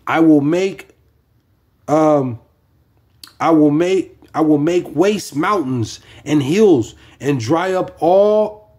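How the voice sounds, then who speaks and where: A man's voice: on the high side, darkish tone, breathy edge. A man preaching informally from scripture, rambling with many fillers and restarts.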